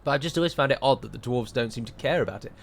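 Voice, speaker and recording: A man gives chatty, wry commentary while playing a strategy game, drifting into rambling asides. He talks at a racing pace in a mid-range voice with vocal fry.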